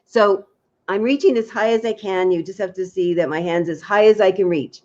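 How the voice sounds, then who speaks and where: A woman dating coach giving frank, lively advice in a casual chat, acting out little quotes. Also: medium pitch, moderate pace, lo-fi sound.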